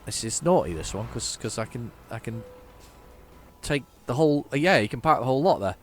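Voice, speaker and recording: A man's voice: medium pitch, lively intonation, a little fast, a little hiss or hum. A man hosting a gaming channel, giving casual, playful commentary as he narrates his driving aloud.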